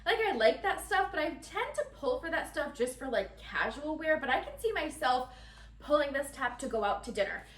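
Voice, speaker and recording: A woman's voice: high-pitched, very animated, moderate pace, reverberant, far from the mic. A woman chatting casually and giggling through a try-on haul, talking straight to her viewers. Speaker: fashion vlogger.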